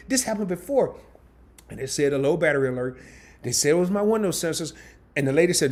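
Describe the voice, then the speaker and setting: A man, hosting a casual live stream from his home and telling a story in an animated, laughing, colloquial way. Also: on the high side, fast talker. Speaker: host of a travel and credit card channel.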